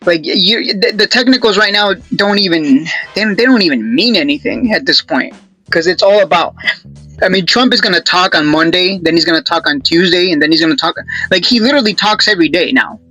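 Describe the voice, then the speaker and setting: A man's voice: sits high, animated, fairly quick, bright, forceful tone, soft background music, poor audio. A man hosting his own channel, giving casual stock chart commentary in a rambling, joking way with lots of restarts.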